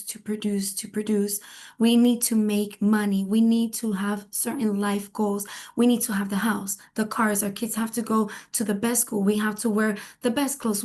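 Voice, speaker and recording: A woman's voice: a little high, a little mellow. A woman who is a wellness clinic doctor, a guest answering interview questions and explaining through repetition and everyday comparisons.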